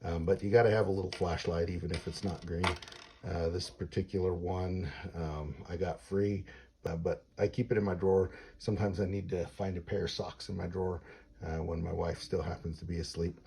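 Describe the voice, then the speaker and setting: A man casually showing off his everyday-carry gear, relaxed with lots of filler sounds. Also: deep voice, brisk, creaky, slight background noise. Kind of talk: casual show-and-tell.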